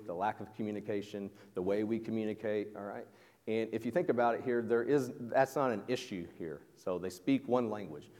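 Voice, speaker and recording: A man's voice: lowish voice, a little mellow. A man preaching a sermon in a conversational way, restarting his sentences and asking the listeners questions. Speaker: pastor. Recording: long echo of a large hall.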